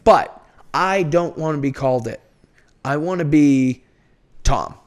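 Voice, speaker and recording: A man with a Boston accent, a podcast guest telling stories in an animated, laughing way. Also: fairly high pitch, measured pace. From North Shore of Massachusetts. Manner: animated storyteller, laughs easily. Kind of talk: casual chat.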